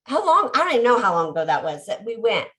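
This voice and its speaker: A woman's voice: fairly high pitch, sing-song, quick pace, bright, forceful tone. A woman on a video call introducing a speaker, chatty and upbeat, with rambling asides. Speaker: event host introducing a speaker.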